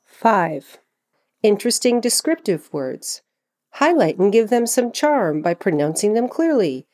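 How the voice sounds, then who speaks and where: A woman giving a scripted pronunciation lesson, slowing down to model words clearly. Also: mid-range voice, sing-song, a little mellow. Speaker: pronunciation teacher. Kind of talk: scripted instructional narration.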